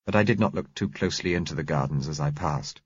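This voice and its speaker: Male audiobook narrator, deep voice, husky, measured, dull lo-fi dry recording. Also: no room sound. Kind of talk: scripted first-person narration.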